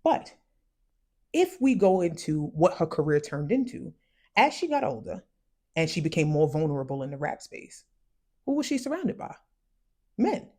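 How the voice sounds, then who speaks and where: A woman from the United States with West Indian parents, giving casual psychology commentary in a conversational, emphatic way and slowing down to stress key phrases. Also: low voice, very animated, darkish tone, breathy edge. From United States, raised by West Indian parents. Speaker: commentary vlogger.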